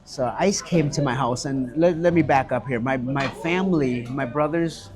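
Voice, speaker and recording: A man telling a story in casual chat, animated and swearing freely, acting out what others said. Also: medium pitch, normal speed, over music. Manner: animated, swearing, acts out quotes. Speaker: guest, restaurant owner.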